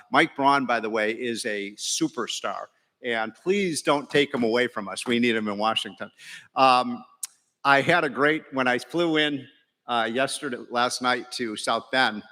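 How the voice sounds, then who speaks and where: A man's voice: mid-range voice, sharp tone. A middle-aged man, an economist, giving a joking, folksy speech to a large breakfast crowd, with many fillers and restarts. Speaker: keynote speaker, economist. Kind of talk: after-breakfast speech with jokes. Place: large banquet hall. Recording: reverberant hall PA.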